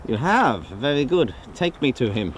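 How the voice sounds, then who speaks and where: A man's voice: medium pitch, big pitch swings, slight background noise, natural voice. A man putting on a mock German accent to play a bossy German man who fires off questions and orders, recorded outdoors. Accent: put-on German. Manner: bossy, questioning, slow and deliberate. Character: blustering German man bossing people about. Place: outdoors by an airfield.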